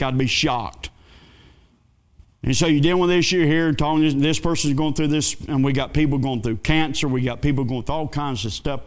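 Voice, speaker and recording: Preacher guy telling a church story, bit high voiced, goes big then quiet. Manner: folksy, dramatic storyteller, swings from excited to hushed. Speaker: pastor. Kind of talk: sermon storytelling.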